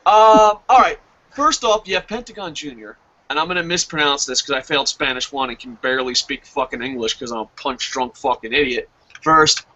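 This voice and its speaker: A man reviewing wrestling in a casual chat, ranting excitably and swearing as a fanboy. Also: a little high, rough recording. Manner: excitable, profane, rambling fanboy rant.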